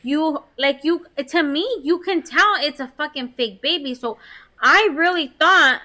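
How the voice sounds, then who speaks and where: A woman with a high, bright voice swaps stories on a podcast. She tells them in an animated, casual way, swearing freely and laughing as she goes. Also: measured pace. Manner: animated, heavy swearing, laughs while telling. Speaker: podcast co-host. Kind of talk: casual storytelling.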